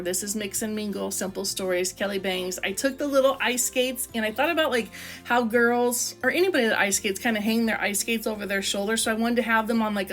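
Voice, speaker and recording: A woman's voice: a little high, a bit bright. A woman vlogger chatting enthusiastically as she flips through her craft book and shows how she puts pages together. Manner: chatty and enthusiastic, lots of "I love" and "like". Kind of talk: casual craft flip-through chat.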